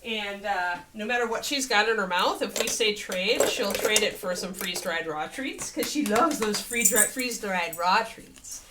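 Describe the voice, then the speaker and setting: Over heavy background noise, a woman hosts a casual miniature painting livestream, chatting freely at normal speed with few pauses. She breaks off now and then to talk to her dog in a high sing-song voice.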